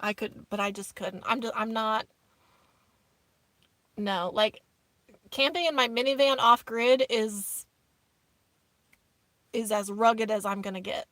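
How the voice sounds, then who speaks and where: A woman's voice: fairly high pitch, slow pace, long pauses, fairly bright tone, no echo. Chatty woman vlogging from her van. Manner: chatty, reads viewer comments aloud, calls viewers "y'all". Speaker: vlogger hosting a live stream. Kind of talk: casual live-stream chat. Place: inside her minivan, camping off grid outdoors.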